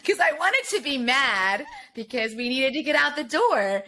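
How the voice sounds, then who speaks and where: A woman in her thirties, a guest in a casual podcast chat, candid and quick to laugh, swearing casually as she acts out her own past words. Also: high-pitched, animated, pushed and bright, a little hiss or hum.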